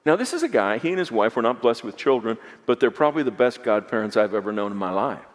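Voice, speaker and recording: A man preaching a sermon as pastor, dropping to hushed lows and climbing to emphatic peaks, asking the congregation to repeat lines back. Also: big pitch swings, fast talker. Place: large church sanctuary. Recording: long hall reverb.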